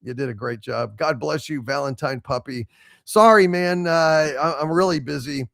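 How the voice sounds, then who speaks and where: A man's voice: fairly high pitch, normal speed, creaky, fairly bright tone, dry recording, clean studio sound. A man hosting a casual live stream, reading out viewer messages with mock-grand salutes in a loose, rambling way. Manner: loose and rambling, many fillers. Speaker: show host reading viewer super chats.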